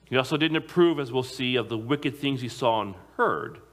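Guy preaching a sermon, mid-pitched voice, leans hard on key words. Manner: emphatic, slows down on key phrases, occasional repeated words.

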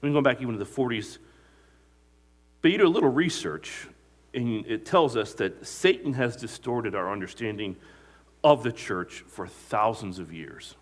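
A man's voice: medium pitch, expressive, moderate pace. Man preaching a sermon with audience questions. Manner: asks the congregation questions and lets them fill in the answer; storytelling, retelling movie scenes. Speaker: pastor.

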